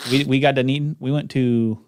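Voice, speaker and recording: Animated male podcast co-host. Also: medium pitch, fairly quick, clean tone, dry recording, studio quality. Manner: animated storyteller, laughs often. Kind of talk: casual podcast chat.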